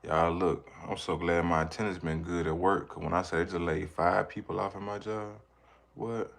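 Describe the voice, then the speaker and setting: A man's voice: low voice, fairly even intonation, normal speed, vocal fry, fairly bright tone. A man, a parent, chatting casually on a livestream, rambling and reacting to viewers' comments. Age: adult with children. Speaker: livestreamer reading chat. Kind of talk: casual live chat.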